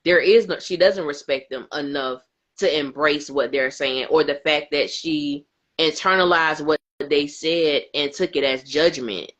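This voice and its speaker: A woman co-hosting a casual aftershow chat, animated and emphatic, who often laughs mid-sentence. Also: deep voice, measured pace. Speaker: co-host.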